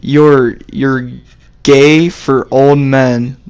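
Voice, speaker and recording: A man's voice: mid-range voice, level tone, drawn-out words, darkish tone, smooth. A young man hosting a podcast, chatting casually with lots of giggles and fillers. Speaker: podcast host.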